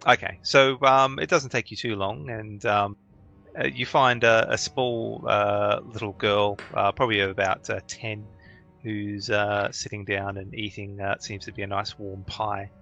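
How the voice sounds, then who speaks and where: A man narrating a tabletop role-playing game as game master, halting often with ums and uhs. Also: fairly low pitch, creaky, dull audio, faint music behind. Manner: relaxed, halting narration with many fillers.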